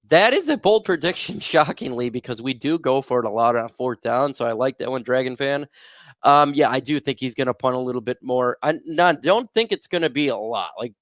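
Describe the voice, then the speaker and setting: A young man chats casually on a sports livestream, reading out viewer comments and riffing on them with plenty of ums and restarts. His voice sits at an ordinary middle pitch. The sound is dry and close, with no room echo. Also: a bit bright. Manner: reads viewer comments aloud and reacts, loose and filler-heavy. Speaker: livestream host.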